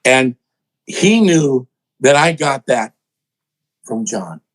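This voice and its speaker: An older man, a songwriter and producer, telling animated stories in an interview, acting out other people's voices and poking fun at himself. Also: mid-range voice, slow, rough recording. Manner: excitable, acts out voices in quotes, self-mocking.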